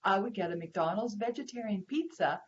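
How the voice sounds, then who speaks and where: A woman's voice: mid-range voice, animated, moderate pace, highs cut off, slight background noise. A woman co-hosting a live web show, telling a self-deprecating anecdote in a friendly, chatty way. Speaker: co-host, hypnotherapist. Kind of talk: casual storytelling chat.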